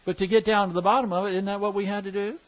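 A man's voice: high voice, flat delivery, racing, dull audio. A man teaching a Bible class verse by verse, explaining Greek grammar step by step and asking the class questions.

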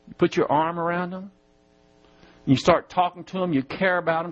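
Male pastor, high voice, verse-by-verse sermon in church, muffled low-fi recording. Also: expressive. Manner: teaching Bible verses, spelling out Greek words slowly.

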